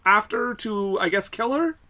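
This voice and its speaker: A man's voice: high-pitched, animated, measured pace, pushed and bright. A man co-hosting a podcast, recapping film scenes in casual chat, laughing often and using lots of fillers. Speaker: podcast co-host. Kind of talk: casual movie-review chat.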